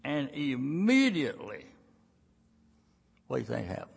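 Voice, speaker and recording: A gravelly, husky older man preaches slowly and deliberately. He tells the story in a folksy, dramatic way, swinging from loud bursts to near-whispers. His voice rings with the long reverb of a large church. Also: medium pitch, huge pitch swings. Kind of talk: sermon. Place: church sanctuary.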